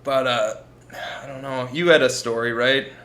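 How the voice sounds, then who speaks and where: A man's voice: mid-range voice, fairly even intonation, moderate pace, fairly bright tone, echoey room, slight background noise. A young man co-hosting a podcast, telling a story in a casual, profane way and acting out the quotes. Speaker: podcast co-host.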